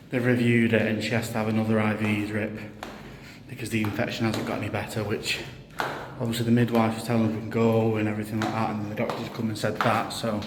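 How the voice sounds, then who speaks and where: A man's voice: lowish voice, noisy background. A young man, a new dad, recording a casual video diary, sounding exhausted and frustrated as he vents. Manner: frustrated, venting about hospital care. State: exhausted, low on energy.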